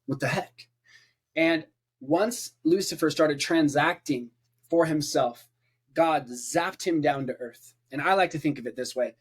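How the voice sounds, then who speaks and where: A man's voice: fairly high pitch, a little slow, husky. A man who is a preacher, talking as a podcast guest in a passionate conversational way, with emphatic repetition and rhetorical lists.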